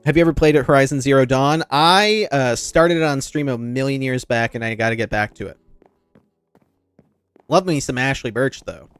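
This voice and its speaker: A man streams a game while casually rambling to viewers, his voice nasal with a slight lisp. It's a clear, resonant mid-range voice at a moderate pace, recorded dry. Faint background music plays.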